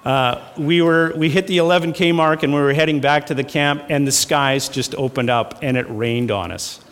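A man's voice: fairly high pitch, fairly even intonation, moderate pace, a bit bright, big-room sound. A man preaching a sermon, emphatic and repetitive, shifting into folksy storytelling with casual fillers. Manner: emphatic, repeats phrases for effect. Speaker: pastor.

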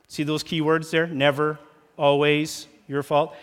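A man preaching a sermon as pastor, talking lively and acting out quarrels in raised voices. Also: fairly high pitch, moderate pace. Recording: long church hall reverb.

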